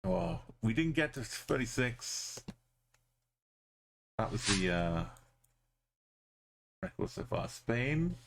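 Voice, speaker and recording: A man's voice: medium pitch, very animated, slow, vocal fry, pauses often. A male streamer giving live commentary on a game, thinking aloud and musing with trailing fillers as he goes.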